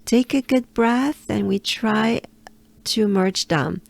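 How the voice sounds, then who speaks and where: A woman from France with a French accent, teaching pronunciation by slowly repeating syllables and leading the listener through them. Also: medium pitch, vocal fry, a little mellow, dry recording. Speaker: pronunciation coach. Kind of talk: slow, drilled pronunciation lesson.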